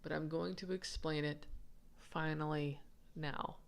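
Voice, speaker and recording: Slow, gravelly-voiced woman explaining. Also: low voice, steady tone. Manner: chatty and giggly, rambling with fillers and restarts. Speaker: manuscript researcher presenting her findings. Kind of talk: casual explanatory lesson, reading viewer comments.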